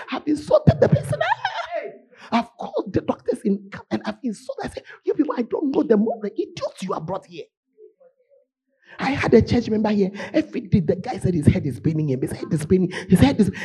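A man preaching a sermon in a church, voice hoarse, swinging from shouts to low murmurs. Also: sing-song, brisk. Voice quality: husky. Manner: emotional, shouting preaching with sudden drops to low tones. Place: church sanctuary.

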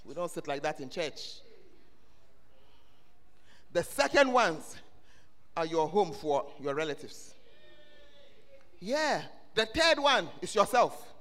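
A man preaching a sermon in a church, swelling into loud, sing-song shouting. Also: fairly high pitch, sing-song, takes it slowly, pauses often. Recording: long reverb of a church hall.

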